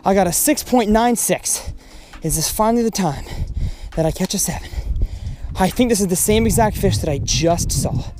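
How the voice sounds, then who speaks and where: A man's voice: high voice, expressive, normal speed, darkish tone, soft background music. A young man narrating his own fishing trip outdoors on a river, exclaiming and repeating phrases as he goes. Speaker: fishing vlogger. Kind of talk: excited fishing vlog commentary.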